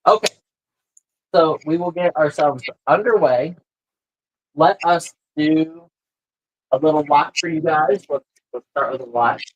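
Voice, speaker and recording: A man's voice: fairly high pitch, measured pace, long pauses, no room sound, dull audio. A man hosting a live online auction, chatting casually and explaining each item as he shows it. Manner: chatty, rambling, explains items as he shows them. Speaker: auction host. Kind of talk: live stream auction patter.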